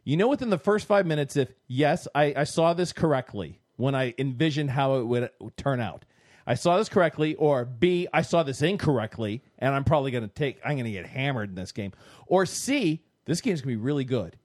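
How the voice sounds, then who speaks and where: A man co-hosting a casual sports talk show, telling stories in an animated way and acting out what people said. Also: mid-range voice, a little fast, no echo, clean studio sound. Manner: animated storytelling, acting out quotes.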